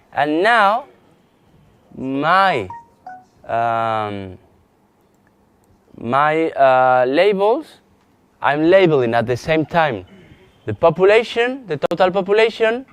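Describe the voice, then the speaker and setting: Slow, clear-voiced Spanish-accented male instructor. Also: fairly high pitch. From Spain. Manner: halting, many restarts and fillers while demonstrating on screen. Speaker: GIS instructor. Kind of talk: live software training lesson.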